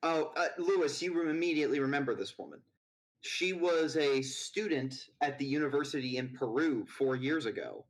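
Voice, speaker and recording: A man's voice: on the high side, animated, moderate pace, rough recording. A man narrating as game master in a tabletop game, loose and rambling with lots of fillers.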